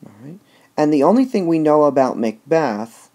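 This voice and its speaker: Here a fairly high-pitched man with a dark tone talks at normal speed, his delivery sing-song. It's a relaxed lecture reviewing a play, explained step by step with filler words and plenty of "all right".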